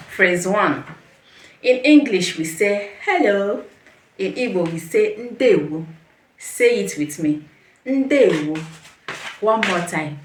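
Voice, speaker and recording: A woman's voice: medium pitch, echoey room, a little hiss or hum. A woman teaching a beginner language lesson, patiently repeating each phrase and encouraging the viewer to say it after her.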